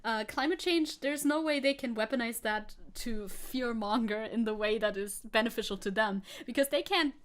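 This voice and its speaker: A woman's voice: fairly high pitch, normal speed, few pauses. A woman streamer giving casual, sarcastic commentary, laughing often and swearing. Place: hot room at home.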